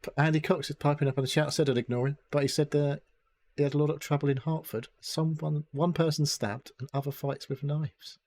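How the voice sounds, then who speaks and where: A man's voice: on the high side, fairly even intonation, fairly quick, darkish tone. A man from England co-hosting a casual podcast, with dry, sarcastic, sweary remarks. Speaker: podcast co-host.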